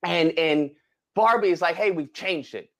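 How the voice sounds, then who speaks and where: A man co-hosting a podcast, retelling a movie plot in casual chat with animated, dramatic exclamations. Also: fairly high pitch, moderate pace. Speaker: podcast co-host.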